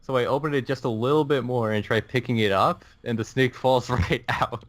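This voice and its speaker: A man's voice: mid-range voice, fairly even intonation, fairly quick. A teenage boy on a podcast telling a long rambling story, laughing through it and restarting his sentences. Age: teens. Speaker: podcast co-host. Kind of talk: casual storytelling chat.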